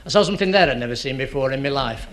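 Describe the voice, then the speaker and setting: A man doing a stand-up routine of dry, deadpan one-liners. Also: medium pitch, rapid-fire. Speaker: stand-up comedian. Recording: loud hiss on an old club recording. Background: audience laughter.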